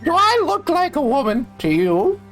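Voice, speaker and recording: A man's voice: very high voice, wildly swooping pitch, normal speed, fairly bright tone, faint music behind, pitched above the performer's own voice, full character voice. A man voicing a crotchety little old male tailor, talking in a fussy, polite shopkeeper way. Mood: indignant. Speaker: game master voicing a shopkeeper.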